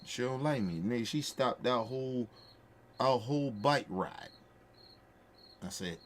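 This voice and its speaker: A man's voice: mid-range voice, expressive, measured pace, long pauses, a little hiss or hum. A man talking in a casual, emphatic way, repeating his points with heartfelt, profane conviction as a podcast host. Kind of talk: casual storytelling chat.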